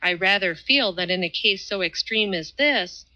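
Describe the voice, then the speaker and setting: Audiobook role: woman playing a dithering male philosopher, airy and sing-song, raised pitch. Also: lively intonation, moderate pace, pushed and bright, lo-fi sound. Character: airy, wishy-washy man, a philosopher.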